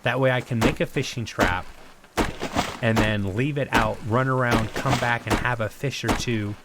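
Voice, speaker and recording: A man streaming a survival game live, thinking aloud in a relaxed, rambling way as he plays. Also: medium pitch, normal speed, heavy background noise. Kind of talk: casual live-stream gameplay commentary.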